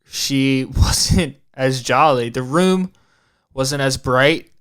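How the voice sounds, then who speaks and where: A young man hosting a podcast, telling a personal story in a halting way, repeating and restarting his phrases and swearing casually. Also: medium pitch, a bit bright, clean tone. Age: young adult. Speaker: podcast host.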